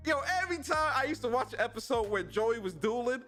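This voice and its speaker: A man's voice: extremely high pitch, animated, fairly quick, fairly bright tone, soft background music. A man hosting a casual livestream podcast, talking with energy and plenty of slang as he greets his chat. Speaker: podcast host.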